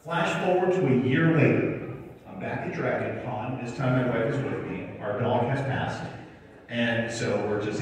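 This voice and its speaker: A man's voice: mid-range voice, unhurried. A man organizing a convention, chatting to a live audience and telling a story, acting out the voices of the people in it. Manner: chatty, acts out quoted dialogue. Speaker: convention organizer addressing attendees. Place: large convention hall. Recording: echoey hall from far off.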